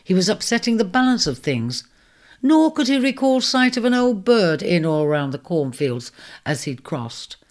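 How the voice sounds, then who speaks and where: A woman narrating a storybook in a measured, expressive reading. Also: mid-range voice.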